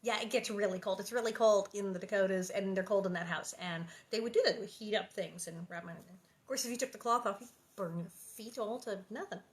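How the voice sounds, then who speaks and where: A woman reading a book aloud at home and chatting between chapters, animated and quick to laugh. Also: medium pitch. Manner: animated, chatty, laughs often, acts out quotes. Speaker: reader and host of a reading series. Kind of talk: reading aloud and casual chat.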